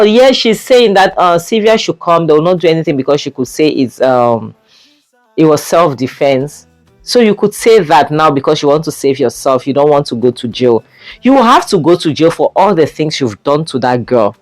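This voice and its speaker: A man's voice: a little high, dry recording. Impassioned Nigerian man reviewing a film. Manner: scolds a character directly, emphatic and repetitive. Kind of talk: impassioned movie recap and review.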